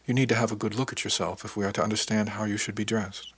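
A man voicing a refined male tailor who speaks politely and softly, coaxing his client. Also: on the low side, flat delivery, fast talker, slight background noise, lightly acted. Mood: suave. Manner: polite, soft-spoken, coaxing. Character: suave male tailor, refined and gently probing.

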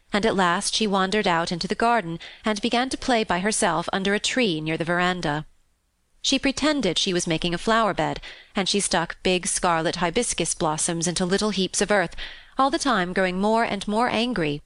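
A woman reading a classic children's novel aloud in a calm, steady and expressive narration. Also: fairly low pitch, no room sound. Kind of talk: scripted storybook narration.

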